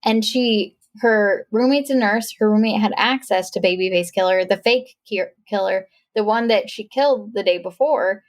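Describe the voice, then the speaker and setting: A woman's voice: mid-range voice, moderate pace, few pauses. A woman co-hosting a podcast, recapping a movie in casual chat and acting out characters' lines in playful voices. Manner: animated storytelling, acts out quotes in playful voices. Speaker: podcast co-host.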